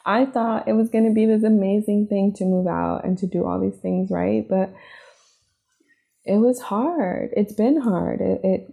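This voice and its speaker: Her medium-pitched voice is gravelly and dark as this podcast host confesses her personal struggles, emotional and close to crying. She reflects aloud, frequently using fillers like "like" and "right?".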